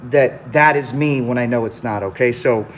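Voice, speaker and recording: A man's voice: medium pitch, moderate pace, a little hiss or hum. A man talking straight to his phone camera, defending himself in a rambling way, with many restarts and blunt swearing. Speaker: musician addressing critics online. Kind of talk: direct-to-camera social video rant.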